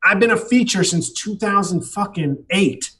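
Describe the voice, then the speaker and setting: A man's voice: high-pitched, lively intonation, normal speed, a bit bright, a little hiss or hum. A man guesting on a podcast as a comedian, telling rambling, profane, self-mocking stories in casual chat.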